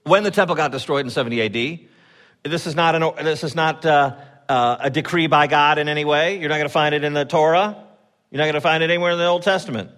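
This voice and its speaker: A man's voice: a little high, fast talker. Male pastor preaching in a sanctuary, chatty storytelling, acts out voices. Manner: conversational storytelling with animated quoted voices. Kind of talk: sermon. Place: church sanctuary.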